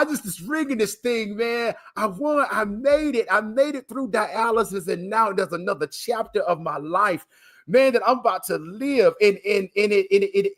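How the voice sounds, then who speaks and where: A man's voice: sits high, pushed and bright. A man being interviewed on a live video broadcast, talking emotionally and in a preacher-like way, with many fillers and repeated words. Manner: emphatic and preacher-like, calling the listener "man". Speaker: guest, transplant recipient and coach. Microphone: live video call broadcast.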